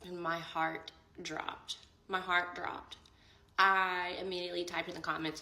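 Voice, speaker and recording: A woman's voice: lowish voice, moderate pace, sharp tone, roomy sound, a little hiss or hum, rough recording. A young woman telling an emotional personal story in a casual vlog, quoting both sides of a conversation and saying "like" a lot. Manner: tearful and emotional near the end. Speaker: vlogger.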